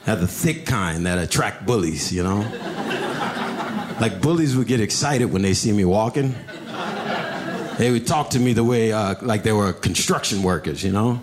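A man doing stand-up comedy in a club, telling animated stories and acting out characters in shrill voices. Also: normal speed, noisy background.

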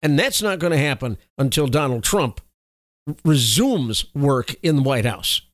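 A man's voice: mid-range voice, lively intonation, normal speed, a bit bright, no room sound. Emphatic male political commentator, dry sound. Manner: emphatic, opinionated, self-correcting. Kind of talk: opinion commentary.

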